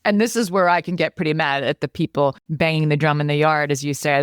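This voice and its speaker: A woman in her forties co-hosting a podcast, telling stories with animated delivery, acting out voices and laughing often. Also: low-pitched, quick pace, hardly any pauses, clear, resonant tone, no room sound. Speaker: podcast co-host. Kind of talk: casual chat with storytelling.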